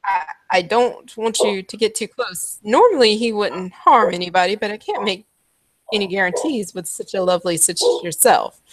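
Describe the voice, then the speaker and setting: A woman's voice: medium pitch, lively intonation, moderate pace, lightly acted, poor audio. A woman voicing a smarmy, flirtatious male showman in a tabletop game, with an oily, teasing, sing-song delivery. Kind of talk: tabletop role-play character voice.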